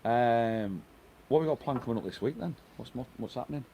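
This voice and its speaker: A man's voice: mid-range voice, brisk, dark tone, a little hiss or hum. A middle-aged man hosting a casual live stream at home, chatting and reading out viewer comments.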